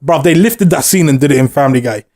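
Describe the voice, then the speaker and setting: A man's voice: a little high, fast talker, darkish tone. A man, chatting casually as a podcast co-host, laid-back and laughing often. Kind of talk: casual chat.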